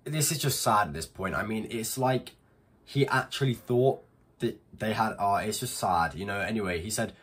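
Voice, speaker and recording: A man's voice: fairly low pitch, moderate pace, fairly bright tone, breathy edge. A man hosting an unscripted reaction video, talking bluntly with disbelief and swearing freely.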